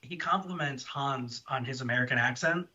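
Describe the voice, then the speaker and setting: A man chats loosely as a podcast guest, circling back and restarting his thoughts. His voice is bright and forward, and the recording sounds a little dull and muffled. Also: medium pitch, normal speed. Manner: chatty, rambling with restarts. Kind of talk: casual film chat.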